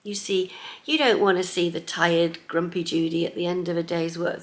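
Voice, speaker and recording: A middle-aged woman chatting casually in her sewing vlog, lively and chatty, sometimes dropping to a soft near-whisper. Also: on the low side, normal speed. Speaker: sewing vlogger.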